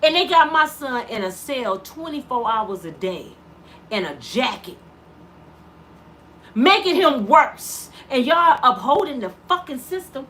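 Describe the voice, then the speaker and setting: A woman's voice: sits high, sing-song, moderate pace, bright, forceful tone, a little hiss or hum. A middle-aged woman giving an impassioned vlog monologue as a mother, preaching with rhetorical questions in casual dialect. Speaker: mother of an inmate, vlogger.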